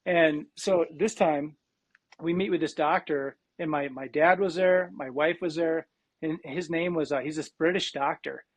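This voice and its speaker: Male guest, 40s, from South Dakota; slightly raised pitch, dry close mic, animated storyteller. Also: measured pace, no echo. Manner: animated, frequent restarts and quoted dialogue. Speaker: guest, cancer survivor. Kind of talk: casual storytelling interview.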